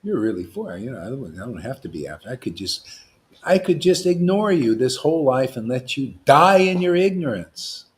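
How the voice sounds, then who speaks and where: A spiritual teacher with a medium-pitched voice gives an informal devotional talk at a moderate pace. He is provocative and animated, swinging between loud bursts and hushed asides and laughing often.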